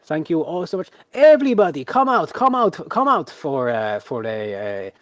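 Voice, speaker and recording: A man voicing a showy, bossy male circus ringleader, with a loud, high, theatrical delivery. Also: sing-song, normal speed, no echo. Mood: showman flourish. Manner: grand and theatrical, then snapping.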